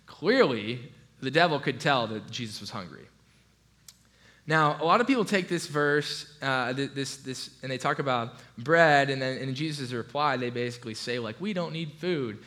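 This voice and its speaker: Male pastor, mid-pitched, conversational sermon delivery with asides. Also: moderate pace, sharp tone. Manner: casual conversational preaching with restarts and asides.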